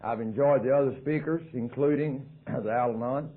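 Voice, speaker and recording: A man's voice: medium pitch, moderate pace, noisy background. Folksy Southern man, tinny old tape. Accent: Southern American. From American South. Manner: folksy, joking storyteller. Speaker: AA speaker. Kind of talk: recovery talk at a meeting.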